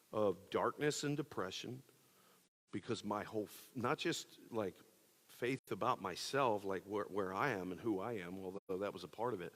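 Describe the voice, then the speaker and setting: A man's voice: lowish voice, fairly bright tone. Man preaching in a reverberant church hall. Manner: personal storytelling, conversational with many fillers. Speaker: pastor. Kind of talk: sermon. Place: church auditorium.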